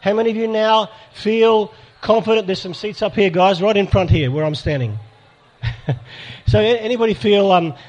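The recording is muffled, and the man's voice is high as he runs a live church workshop. He addresses the crowd directly in a pastoral way and asks people to raise their hands.

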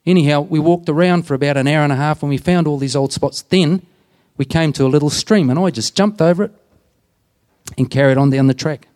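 Aussie guy, a deacon, telling a story all heartfelt, warm dark voice. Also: on the high side, brisk. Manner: earnest, plain-spoken, acts out quoted dialogue. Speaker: deacon and prison minister. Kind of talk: storytelling in an interview.

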